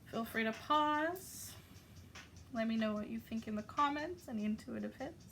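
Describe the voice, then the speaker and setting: Bright-voiced, affectionate spiritual woman. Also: on the high side, a little slow, a little hiss or hum. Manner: affectionate, encouraging, loose with fillers. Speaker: spiritual YouTube channeler. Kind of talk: casual spiritual message to viewers.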